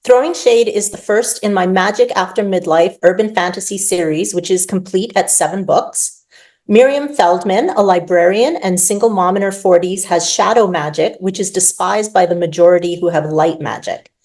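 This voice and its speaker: A woman author reading her own urban fantasy novel aloud, in expressive first-person narration. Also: fairly low pitch, moderate pace.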